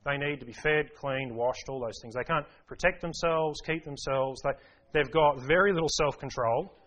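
A man's voice: on the high side, moderate pace, a bit bright, dull audio. A man preaching a sermon to a congregation, emphatic, repeating key phrases and asking rhetorical questions. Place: church service.

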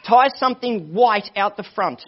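A preacher voicing a nervous young ex-prisoner. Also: male voice, high-pitched, expressive, moderate pace, voice pushed up. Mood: anxious. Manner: nervous, remorseful confession. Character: anxious young man returning from prison. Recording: dull lo-fi sermon recording.

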